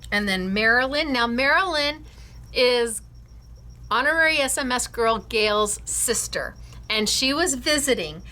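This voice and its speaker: A woman's voice: on the high side, lively intonation, a little slow, sharp tone. A woman hosting a scrapbooking class, enthusiastically showing and praising her students' cards and laughing often. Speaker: craft class host.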